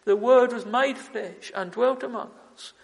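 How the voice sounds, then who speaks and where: A man's voice: very high-pitched, unhurried, vocal fry, big-room sound, rough recording. A man preaching an evening sermon from the pulpit, fervent and full of biblical phrasing, calling his hearers "friends" again and again.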